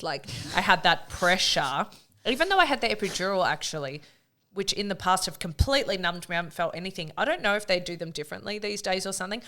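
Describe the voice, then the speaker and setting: A woman's voice: on the low side, fast talker. A woman, a mother of three, telling a birth story in casual chat and acting out the quotes. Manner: animated storytelling, acts out quotes.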